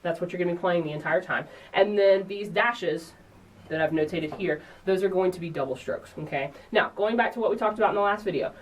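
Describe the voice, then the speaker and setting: A woman's voice: on the low side, brisk, slight background noise. Woman drum teacher, mic at a distance. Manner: relaxed, encouraging, counts beats aloud. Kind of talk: instructional lesson. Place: percussion studio.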